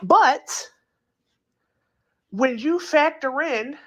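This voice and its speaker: A woman with a fairly high voice hosts a casual true crime commentary. She takes her time, speaking slowly and leaning on filler words. Her delivery is animated and incredulous, and she acts out the quotes she discusses. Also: highs cut off. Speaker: true crime channel host.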